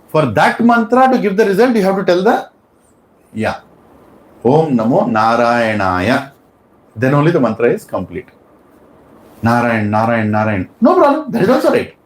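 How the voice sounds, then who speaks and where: A man's voice: high-pitched, huge pitch swings, normal speed. A man teaching a class of devotees, quizzing them with questions and stressing his points. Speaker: spiritual teacher. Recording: echoey room.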